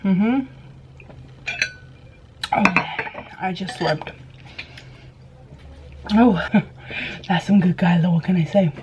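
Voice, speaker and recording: A woman's voice: lowish voice, drawn-out words, long pauses, noisy background. A woman in her twenties, a mukbang vlogger, telling a casual story while she eats, filling her talk with "like" and acting out what people said. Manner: chatty, heavy use of "like", acts out quoted dialogue. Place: at home at a table with food.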